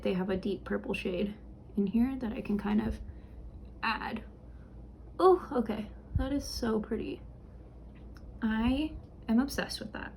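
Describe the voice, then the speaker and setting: A woman's voice: medium pitch, gravelly, dark tone, a little hiss or hum. A young woman from the United States in casual makeup tutorial chat, rambling and chatty with fillers, talking at home in her beauty room. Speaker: beauty vlogger.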